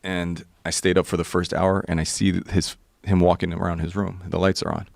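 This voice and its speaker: A man's voice: deep voice, a little fast, vocal fry, no room sound. A man, a podcast guest, telling a story in a casual, profane way and acting out the quotes. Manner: profane, animated retelling with acted quotes. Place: podcast studio.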